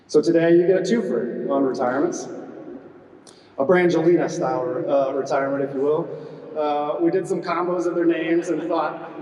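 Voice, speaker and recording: Joking and chatting with the crowd, a middle-aged man serving as squadron commander hosts a retirement ceremony, his speech peppered with "uh." He talks a little fast in a slightly high, slightly mellow voice. The audio comes from a distance in an echoey large hall.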